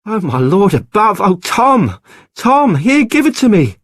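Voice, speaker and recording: A man's voice: high-pitched, sing-song, measured pace, dry recording, pitched above the performer's own voice, exaggerated voice. A man doing a cooing, soothing young wife. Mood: frantic. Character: young woman, lighthouse keeper's wife, tender. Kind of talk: audiobook character voice.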